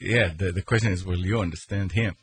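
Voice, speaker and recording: A man's voice: low-pitched, a little fast. A man hosting a morning sports radio talk show from the studio, chatty and upbeat. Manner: upbeat, chatty, announces reads. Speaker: radio host. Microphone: studio mic.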